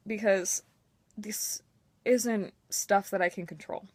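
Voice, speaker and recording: A woman's voice: mid-range voice, measured pace, dry recording. A young woman talking candidly and emotionally to her camera in a personal vlog, with a self-mocking edge. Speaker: vlogger.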